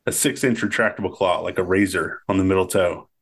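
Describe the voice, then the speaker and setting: A man's voice: low voice, brisk. A man doing a stern paleontologist's grim lecture.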